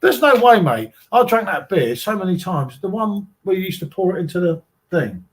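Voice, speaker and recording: High-pitched man bantering about beer. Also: sing-song, moderate pace, a little hiss or hum. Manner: banter, mocking, swearing. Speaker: beer-review streamer. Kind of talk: casual chat.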